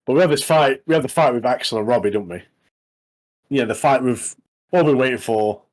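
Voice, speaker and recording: A man's voice: medium pitch, brisk, a little mellow, poor audio. A man recapping a show on a casual podcast. His talk rambles along, full of tag questions like "doesn't he" and "mate". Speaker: podcast co-host. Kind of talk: casual chat recapping a TV episode.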